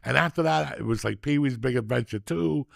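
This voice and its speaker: A middle-aged man tells a long story on his podcast, cursing freely and getting animated as he goes. His voice is rough and gravelly, and the recording is dry with almost no room sound. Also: medium pitch, a little fast, no room sound. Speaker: podcast host. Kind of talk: casual storytelling chat.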